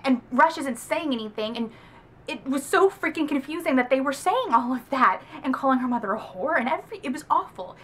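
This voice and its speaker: A woman from the American South hosts a casual book review vlog, chatty and animated, peppering her speech with "like." Her voice sits high and moves fairly quickly.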